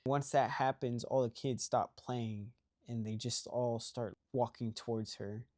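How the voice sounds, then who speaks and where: A young man talks through a movie plot in an easy, unscripted way. He rambles, restarts his sentences and keeps checking in with "right?". His voice sits at an ordinary middle pitch. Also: flat delivery, a little slow, a little mellow. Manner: rambling, heavy use of "like" and "right?". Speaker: movie recap host. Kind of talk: casual movie plot recap.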